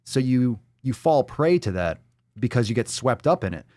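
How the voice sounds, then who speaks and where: A man's voice: mid-range voice, very animated, normal speed, dry recording, studio quality. A man hosting a live stream, ranting profanely and mocking what he reads aloud. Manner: hypes the audience with shouted calls. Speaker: show host.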